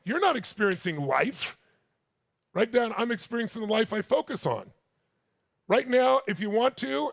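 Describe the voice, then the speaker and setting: With a high voice and vocal fry, a man in his sixties gives an intense, story-driven motivational seminar talk, addressing a live audience directly from a large stage. The audio is dry and clean, with studio sound.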